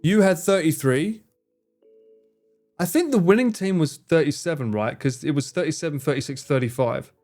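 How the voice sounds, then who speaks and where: A young man live streaming, chatting casually with viewers, swearing freely and acting out his friends' lines in higher voices. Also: lively intonation, normal speed, a little mellow, faint music behind. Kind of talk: casual chat answering viewers.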